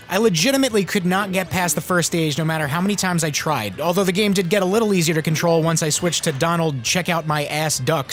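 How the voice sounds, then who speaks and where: A young man narrates a game review in a scripted, sarcastic voice that sits a little high. He lands crude jokes with a dry edge. Faint music plays under him. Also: a bit bright. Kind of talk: scripted commentary.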